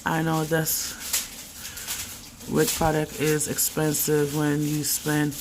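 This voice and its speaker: A woman's voice: sits low, slow, background noise. A woman, chatting and ranting animatedly in a casual vlog. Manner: animated, ranting, laughs often. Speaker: vlogger. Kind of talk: casual rambling vlog chat.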